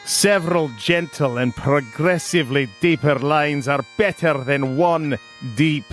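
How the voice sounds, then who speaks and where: A man calmly narrating woodworking instructions step by step. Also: fairly high pitch, a little slow, soft background music.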